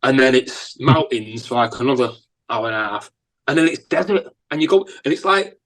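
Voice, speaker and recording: A man's voice: medium pitch, a little fast, poor audio. Chatty northern English man telling stories. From England. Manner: rambling, animated anecdotes with lots of fillers. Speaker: musician guest. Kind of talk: casual storytelling interview.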